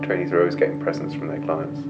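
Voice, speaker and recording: A middle-aged man telling personal stories in an interview, animated, mimicking relatives in loud high voices. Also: fast talker, gravelly. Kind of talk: personal storytelling. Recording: slightly muffled with music behind.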